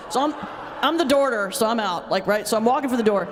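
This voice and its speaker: A woman pastor giving a humorous talk, telling stories in an animated way with sudden jumps in pitch. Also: fast, a little hiss or hum. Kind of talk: humorous lecture storytelling. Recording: long reverb of a large hall.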